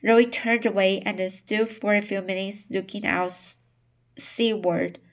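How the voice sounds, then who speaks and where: A woman's voice: medium pitch, steady tone. A woman reading a novel aloud, often stumbling over words and starting phrases again. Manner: reads slowly with frequent stumbles and restarts. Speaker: narrator.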